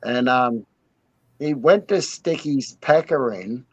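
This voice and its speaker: A man tells a joke slowly and at ease, his voice rising and falling widely as he drawls through it. The sound is dry and close. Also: mid-range voice, expressive, breathy edge, dry recording, dull audio. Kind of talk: casual joke telling.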